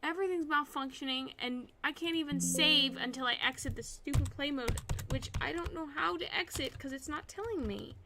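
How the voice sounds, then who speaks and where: A young woman streaming live, chatting to herself as she works, frustrated with her software. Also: high-pitched, normal speed, hardly any pauses, noisy background. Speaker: art streamer.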